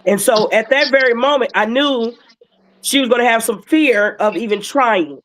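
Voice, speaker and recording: Woman, casual livestream storyteller, animated and heartfelt, soft noise floor. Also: fairly high pitch, moderate pace, low-quality recording. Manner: animated, emotional retelling with acted quotes. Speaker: wellness patch seller sharing a client story.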